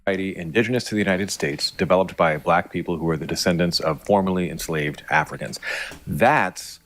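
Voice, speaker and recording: Deep voiced guy doing a scripted explainer vid, confident n a little teasing. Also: moderate pace, a bit bright. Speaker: linguist and video presenter.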